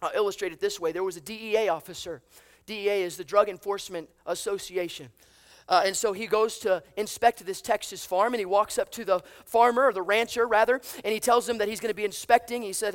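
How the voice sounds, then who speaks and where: A man's voice: high voice, steady tone, quick pace. A man preaching a sermon, telling a story with acted voices and asking the congregation rhetorical questions. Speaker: pastor.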